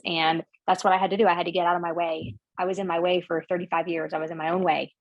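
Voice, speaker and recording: Gravelly, low-voiced woman. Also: dry recording, muffled recording. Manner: earnest and encouraging, repeats her point. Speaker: podcast guest. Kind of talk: casual conversation.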